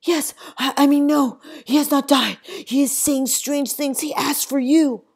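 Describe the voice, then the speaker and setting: A woman's voice: a little high, flat delivery, a little slow, darkish tone, husky, pitched above the performer's own voice. A woman voicing a loyal, anxious young servant boy who calls out in a raised, breathless voice. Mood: flustered. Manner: raised, urgent, breathless calling. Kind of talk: audiobook character reading.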